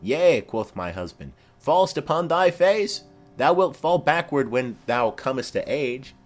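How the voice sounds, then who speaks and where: A man's voice: mid-range voice, animated, measured pace, soft background music, pitched above the performer's own voice, close to an everyday voice. A man voicing a garrulous old woman nurse who chatters on in long rambling memories, in a dramatic reading of a play.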